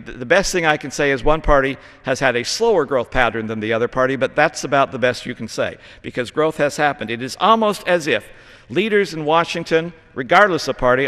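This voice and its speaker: In a big legislative hall, a middle-aged Utah congressman gives an earnest, lecturing floor address, stressing words emphatically. He has a mid-range, slightly bright voice, and the recording carries the echo of the chamber around him.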